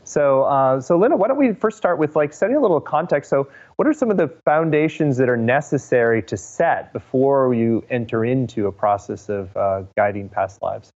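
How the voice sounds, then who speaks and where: A man hosting an interview, speaking in a measured way with hesitant restarts as he sets up the topic. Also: animated, darkish tone. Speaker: host. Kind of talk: interview host introduction. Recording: muffled low-fidelity audio.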